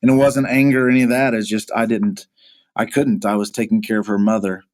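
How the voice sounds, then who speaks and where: A pastor being interviewed, earnestly recounting a hard personal story, often halting and repeating words as he goes. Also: fairly low pitch, little pitch movement. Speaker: pastor, podcast guest.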